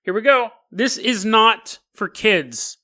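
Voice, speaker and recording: Animated, bright-voiced podcast host. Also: male voice, high-pitched, takes it slowly. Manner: animated, wry, laughs often mid-sentence. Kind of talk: casual comedic podcast monologue.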